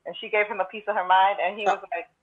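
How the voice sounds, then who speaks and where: A woman's voice: mid-range voice, steady tone, quick pace. A woman co-hosting a podcast, chatty and thoughtful as she lays out her views. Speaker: podcast co-host. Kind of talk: casual fan chat. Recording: muffled lo-fi remote audio.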